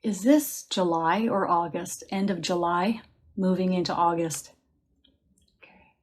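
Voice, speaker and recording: A woman with a slightly low voice leads a live psychic reading. She sounds chatty and reassuring, breaks into soft laughs now and then, and calmly coaches listeners to relax and sense the answer in their bodies. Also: unhurried. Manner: guides listeners to relax and feel answers in the body. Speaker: psychic medium.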